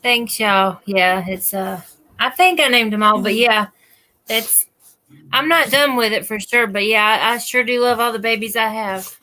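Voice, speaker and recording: A woman's voice: a little high, normal speed, pushed and bright. A woman chatting casually, cheerful and a little hesitant. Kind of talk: casual live stream chat.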